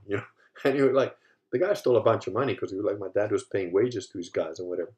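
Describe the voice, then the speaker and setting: Profane storytelling man in his fifties. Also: fast talker. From Africa. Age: 50s. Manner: profane, storytelling, swings from low mutter to loud animated retelling. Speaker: host. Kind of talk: casual monologue.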